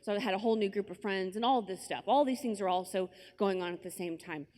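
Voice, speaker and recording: A woman speaks on a conference stage, telling a personal story in a chatty, conversational way full of asides. Her voice sits at a middle pitch. A long hall reverb trails her words. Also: fast, a little mellow. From United States.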